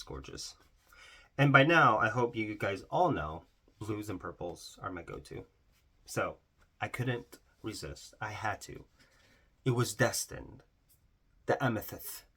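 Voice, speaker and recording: Gushing man swatching makeup, lively voice. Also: on the low side. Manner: gushing, exclaims often, trails off mid-sentence. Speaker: beauty vlogger. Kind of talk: casual makeup swatching vlog.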